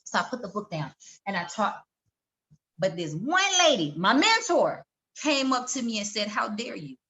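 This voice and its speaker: Bright-voiced woman telling her story. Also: fairly high pitch, moderate pace. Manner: animated, acts out quoted voices. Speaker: guest. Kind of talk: personal storytelling in conversation.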